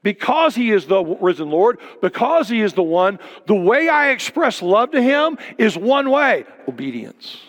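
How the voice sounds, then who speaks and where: An older male pastor preaching with a fairly high voice, asking question after question and then sinking to a near-whisper for emphasis. His sermon rings out with a long reverb, as if recorded in a church sanctuary. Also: very animated, unhurried, hardly any pauses. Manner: emphatic preaching with rhetorical questions and sudden drops to a hush.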